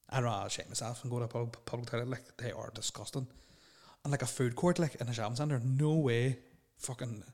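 A young man hosting a solo podcast, rambling and swearing bluntly as he answers listener questions. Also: medium pitch. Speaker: podcast host.

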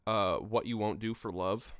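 A man co-hosting a podcast, relaxed and rambling, often trailing off while he searches for names. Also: fairly low pitch, normal speed, dry recording, studio quality. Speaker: podcast co-host. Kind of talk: casual chat. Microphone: studio mic.

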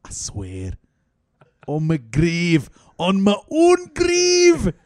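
Dude doing a sulky tennis star mourning his lost accent, lively up-and-down delivery, overly dramatic. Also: high-pitched, very slow, heavily acted. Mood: mock-dramatic. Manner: mock-dramatic, lamenting.

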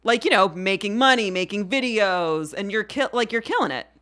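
A woman's voice: mid-range voice, expressive, moderate pace, a bit bright. A woman guest on a casual podcast, chatting playfully and sometimes slipping into a mock-formal voice. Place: podcast studio in Queens.

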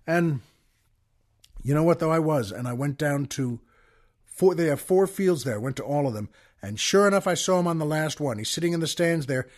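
Male host with a folksy, chatty storytelling manner and a voice pitched a bit high. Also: normal speed. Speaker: podcast host. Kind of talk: storytelling monologue.

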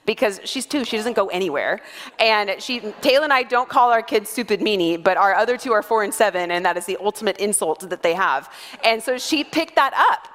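A woman's voice: fairly high pitch, expressive, a little fast, fairly bright tone, big-room sound. Playful woman pastor preaching. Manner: playful, laughing storyteller. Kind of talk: sermon.

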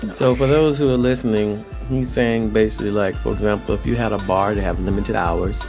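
A joking man with a lowish voice co-hosts a casual podcast, often slipping into quoted voices of other people. Music plays clearly behind the conversation. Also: fairly even intonation, a little fast. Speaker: podcast co-host. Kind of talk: casual chat.

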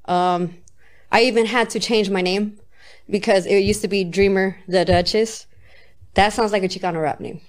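A woman's voice: mid-range voice, steady tone, normal speed. A woman rapper in a casual interview, talking loosely and candidly, often checking "you get me?", swearing and laughing easily. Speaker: rapper guest.

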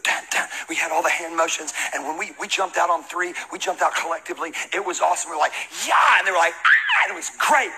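A pastor from the American South who preaches his sermon as lively, high-energy comic storytelling. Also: quick pace, gravelly, few pauses, slightly rough, rough recording.

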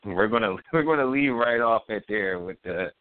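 A man's voice: on the low side, lively intonation, normal speed, dry recording. A man co-hosting a podcast in casual chat, mostly agreeing with short replies. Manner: agreeing, brief backchannel replies. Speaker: podcast co-host. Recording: tinny phone-like lo-fi audio, dry.

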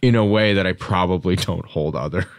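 A man's voice: low-pitched, fairly quick, dry recording. A man from the American Midwest co-hosting a casual podcast chat, laughing often, self-deprecating and swearing freely. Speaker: co-host. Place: podcast studio.

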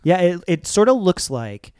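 A man's voice: sits high, sing-song, normal speed, darkish tone, clean tone, no room sound. A man co-hosting a casual chat about music videos, chatty and joking as he explains. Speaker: co-host.

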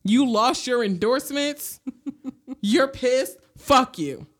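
Young woman, higher voice, heated sarcastic rant full of swearing, casual chat. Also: animated, slow. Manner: profane, heated, sarcastic ranting. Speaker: podcast co-host.

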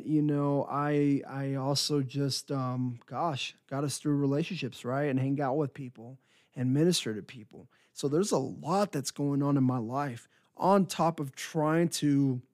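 Male minister, mid-pitched, earnest and encouraging devotional delivery, dry sound. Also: fairly even intonation, unhurried, no echo. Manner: earnest, encouraging, repeats phrases for emphasis. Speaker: Christian minister. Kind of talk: devotional podcast talk.

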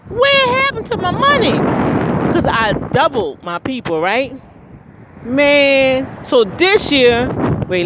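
A high-pitched man tells his viewers a story in a loose, chatty vlog, exclaiming and calling out to them as he goes. The sound is muffled and dull. Loud wind rushes across the mic throughout. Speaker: retail store worker.

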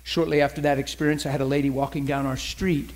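A middle-aged man preaching a sermon, telling a story with lively quoted voices. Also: mid-range voice, fast talker. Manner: animated storyteller who acts out the people he quotes.

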